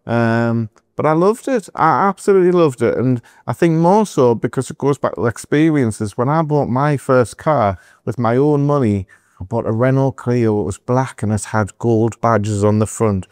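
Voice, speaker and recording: Smooth-voiced storyteller. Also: male voice, medium pitch, moderate pace, no echo, studio quality. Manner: animated anecdotal storyteller, asides to the host. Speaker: entrepreneur guest. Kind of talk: storytelling podcast interview.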